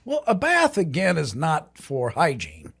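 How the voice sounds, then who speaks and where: A man co-hosting a podcast in casual chat, with dry joking asides and animated stories. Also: a little high, unhurried, vocal fry, slightly rough. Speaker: podcast co-host.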